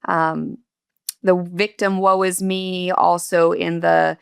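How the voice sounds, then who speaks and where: A woman's voice: lowish voice, level tone, takes it slowly, vocal fry, clean tone, no echo, studio quality. A woman guest on an interview podcast, earnestly and candidly telling a personal story in a reflective, emotional way.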